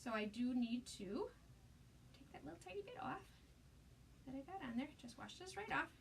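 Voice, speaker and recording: A woman demonstrating a craft project on a live stream, gushing with excitement and greeting viewers by name. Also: sits high, normal speed, creaky, distant mic, slight background noise.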